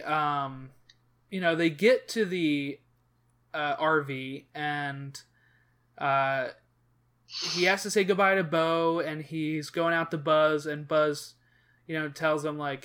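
A man chats casually on a podcast, retelling a film's plot with plenty of fillers and restarts. His voice is bright and sits a little high for a man. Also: slow pace, smooth. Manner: rambling, many fillers and restarts, emotional retelling. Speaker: podcast host. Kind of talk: casual chat recapping a movie.

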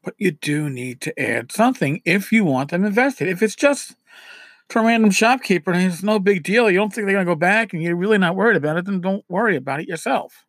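A man with a rather high voice talks through tabletop game-mastering tips in a loose, rambling way, repeating himself and poking fun at himself as he goes. The sound is dry and close, with almost no room in it. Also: animated, fairly quick, fairly bright tone, no echo. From New York City. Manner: rambling, self-deprecating, with frequent restarts. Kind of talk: casual advice talk.

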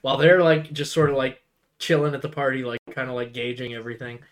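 A man's voice: mid-range voice, steady tone, fast. A man co-hosting a podcast, casually adding scene details and quoting characters. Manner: chatty, fills in scene details with loose asides. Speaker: podcast co-host. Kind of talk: casual movie recap chat.

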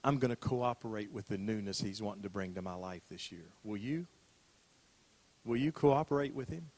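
A man's voice: lowish voice, moderate pace, a little mellow. An older man preaching a sermon as a pastor, talking in a conversational way, repeating phrases and asking rhetorical questions.

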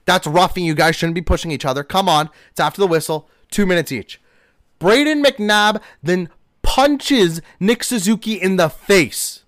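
Male solo podcast host, high lively voice, fired-up rant, dry close mic. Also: moderate pace, dry recording. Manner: animated, ranting with rhetorical questions.

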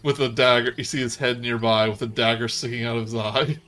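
A male game master narrates a tabletop session in a relaxed, meandering way. He pads his lines with fillers and half-starts. His pitch sits at an ordinary middle height, with quiet music behind. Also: a little fast. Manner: casual, rambling narration with many fillers.

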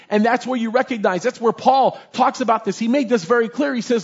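A man's voice: very high voice, brisk, creaky, few pauses, husky, dull audio. A man preaching a sermon as a pastor, emphatic and repetitive, with many "you know" fillers.

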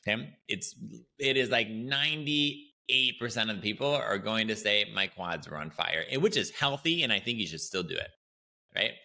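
A male podcast host explains fitness concepts in a loose, animated way. He checks in with his listeners often. His voice is very bright and sharp, at an ordinary pitch for a man. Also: normal speed. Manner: animated and chatty, often tags lines with "right?". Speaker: podcast host and Pilates educator. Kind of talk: casual educational podcast talk.

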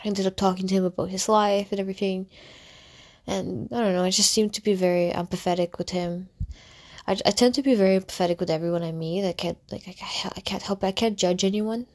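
A woman's voice: mid-range voice, steady tone, fast, a little mellow. A young woman, a content creator, telling a candid personal story in a casual, rambling way, full of fillers and restarts. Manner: candid and reflective.

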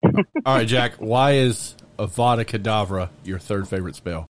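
A man's voice: on the low side, normal speed. A man hosting a podcast in casual chat who jokes around and rambles through playful asides. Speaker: podcast host.

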